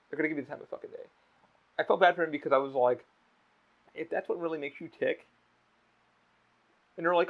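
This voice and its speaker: A man's voice: fairly high pitch, fast talker, pauses often. A young man hosting a podcast, telling rambling stories with lots of swearing. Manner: heavy swearing, rambling storytelling. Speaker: podcast host. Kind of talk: casual podcast chat. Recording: dull lo-fi podcast audio.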